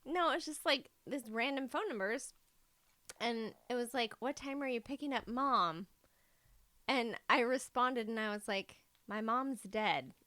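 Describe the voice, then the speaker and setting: A woman's voice: a little high, unhurried, dry recording. A woman co-hosting a podcast in casual chat, joking darkly and laughing often. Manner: laughs often, dark jokes. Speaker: podcast co-host.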